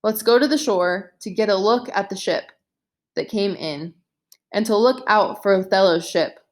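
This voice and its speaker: A woman slowly reading a modern retelling of a play aloud, with light shifts for each character. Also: medium pitch. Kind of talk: audiobook narration.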